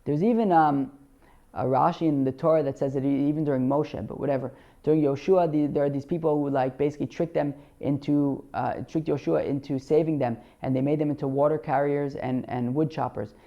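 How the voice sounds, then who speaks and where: Gravelly man stumbling through a Talmud lesson. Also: fairly high pitch, fairly even intonation, dull audio. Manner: halting, many fillers and restarts, reads Hebrew and Aramaic then translates. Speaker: podcast host teaching Talmud. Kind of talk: casual Talmud study lesson.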